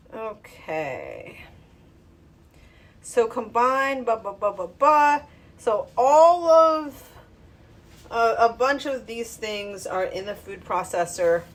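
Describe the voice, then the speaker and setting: A woman's voice: lowish voice, slight background noise. A woman talking to her phone while she cooks in her home kitchen, rambling and self-mocking as she thinks aloud. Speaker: home cooking vlogger. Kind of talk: casual talk while cooking.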